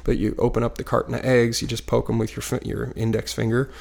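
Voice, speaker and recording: A man in his thirties tells a story from his couch at home, with a gravelly voice and a mid pitch. He rambles in a casual, self-deprecating way, full of fillers and restarts. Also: completely flat delivery, fast talker, a little mellow. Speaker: vlogger telling a personal story. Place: living room couch at home, dog barking nearby.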